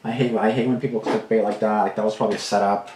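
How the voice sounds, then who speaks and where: Fast-talking, deep-voiced man rambling. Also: little pitch movement, reverberant, noisy background. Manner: profane, rambling, many restarts and fillers. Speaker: reaction video host. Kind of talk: rambling casual storytelling.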